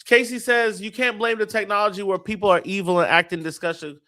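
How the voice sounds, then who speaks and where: A man hosting a casual fan-show chat, animated and profane, reading viewer comments aloud. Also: sits high, fast talker. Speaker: podcast host.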